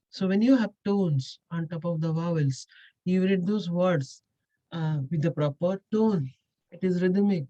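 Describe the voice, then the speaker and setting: A woman's voice: on the low side, warm tone, no room sound, muffled recording. A woman, a Chinese language teacher explaining step by step with patient repetition and frequent hesitations. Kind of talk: explanatory lesson with Q&A.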